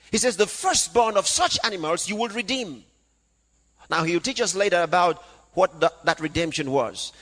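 A man's voice: high voice, a bit bright. A man preaching a fervent sermon, breaking into praise between his points. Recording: long reverb of a hall.

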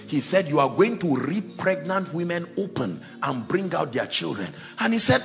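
A man preaching a sermon, telling scripture stories dramatically, swinging between loud exclamations and low, quiet lines. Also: big pitch swings, normal speed, gravelly, few pauses, soft background music.

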